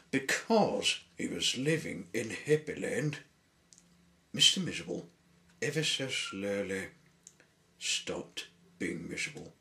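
Man reading a kids' story real slow, lots of up and down in his voice, playful. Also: lowish voice, pushed and bright. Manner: slow, drawn-out, playful emphasis.

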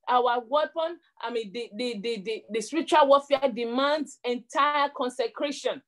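A woman's voice: on the high side, normal speed, hardly any pauses. A middle-aged woman preaching a sermon, telling a story and leading prayer in an earnest way, often repeating words as she builds her points.

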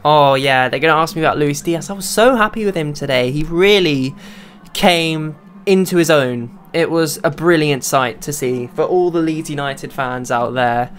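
A young man narrating his own football video game as a gaming creator, talking to himself and bursting into high shouts when chances come. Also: normal speed. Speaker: gaming YouTuber. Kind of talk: live gameplay commentary.

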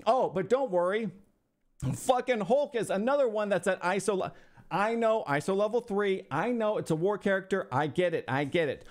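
A man's voice: high voice, moderate pace. A man streaming a mock-insulting review of a viewer's game roster, ranting profanely and sarcastically in exasperation. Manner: sarcastic, talks back to imagined hecklers. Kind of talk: mock-insulting livestream commentary.

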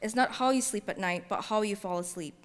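A woman's voice: mid-range voice, brisk. Woman reading fiction in a reverberant hall. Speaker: author reading her work. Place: library event space. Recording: long reverb from a large hall.

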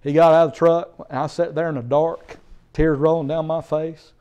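A man's voice: on the high side, little pitch movement, moderate pace, dark tone, smooth, muffled recording. A middle-aged man, preaching a sermon through an emphatic, repetitive story. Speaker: guest preacher.

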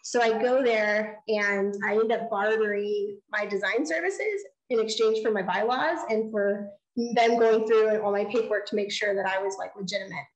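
A woman giving a design lecture, telling a story in an animated way and acting out the dialogue. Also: medium pitch, moderate pace, echoey room, low-quality recording. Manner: animated, acts out quoted dialogue. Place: lecture hall.

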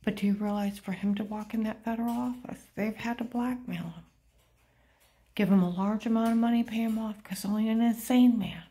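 A woman's voice: on the high side, fairly even intonation, a little fast, warm tone. A woman talking in an urgent, rambling monologue who keeps dropping into an unvoiced whisper. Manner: drops often into an unvoiced whisper.

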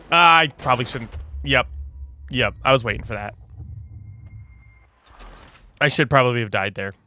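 A man hosting a let's play, commenting on the game in an excitable, joking way. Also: mid-range voice, slow pace, pauses often. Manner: excitable, joking, often laughing. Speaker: gaming channel host.

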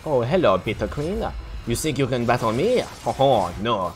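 Late at night and tired, this young gaming YouTuber rambles through gameplay at normal speed, his mid-range voice swinging widely in pitch. He's self-deprecating and swears freely over soft background music.

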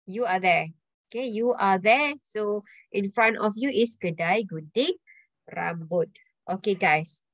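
A woman's voice: medium pitch, measured pace, fairly bright tone, dry recording. A woman teacher with a Malaysian accent quizzing her students, slipping Malay words and "lah" into her English. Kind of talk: online language lesson. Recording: dull lo-fi dry voice.

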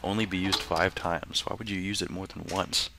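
A man's voice: sits low, little pitch movement, normal speed, creaky, noisy background. A man giving casual, sarcastic commentary while playing a video game, talking back to the game. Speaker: let's play gamer.

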